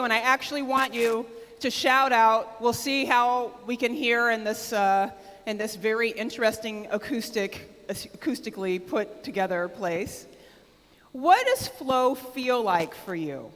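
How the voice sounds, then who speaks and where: Lively American woman keynote speaker. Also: on the high side, a little slow. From United States. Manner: energetic, talks with the audience, asks them to shout out; loud and excitable, close to shouting. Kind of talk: conference keynote talk. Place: large conference hall with a live audience. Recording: live hall with long reverb.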